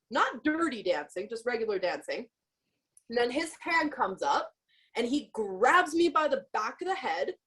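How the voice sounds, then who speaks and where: A woman co-hosting a podcast, telling a story in a casual, profane, animated way and quoting herself. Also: on the high side. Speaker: podcast co-host.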